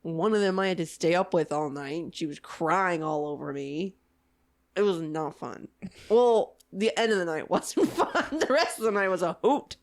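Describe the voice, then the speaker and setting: A young adult woman co-hosting a podcast in casual chat, animated and swearing casually, often laughing. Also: fairly low pitch, normal speed. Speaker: podcast co-host.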